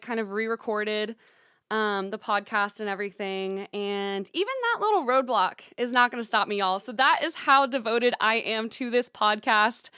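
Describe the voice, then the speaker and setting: A woman's voice: on the high side, bright, forceful tone, smooth, dry recording, studio quality. Bubbly young woman podcast host. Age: young adult; 20s. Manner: bubbly, upbeat, says "y'all" and "you guys" often. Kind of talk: solo podcast monologue. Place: small recording studio.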